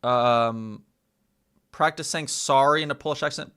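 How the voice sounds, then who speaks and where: A young man works through a casual language lesson at a slow, unhurried pace. His voice is bright and forward. He hesitates often and repeats phrases carefully as he practices them. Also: medium pitch, smooth. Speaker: language learner.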